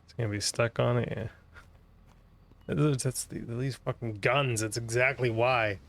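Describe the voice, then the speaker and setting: A man's voice: medium pitch, steady tone, measured pace, vocal fry, fairly bright tone. A man giving casual let's-play commentary, sounding tired and mumbly, with offhand swearing. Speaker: gaming streamer.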